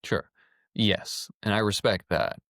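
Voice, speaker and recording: A man's voice: lowish voice, normal speed, no room sound, studio quality. A man co-hosting a podcast, thinking aloud casually and reflectively with frequent restarts. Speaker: podcast co-host. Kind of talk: casual chat.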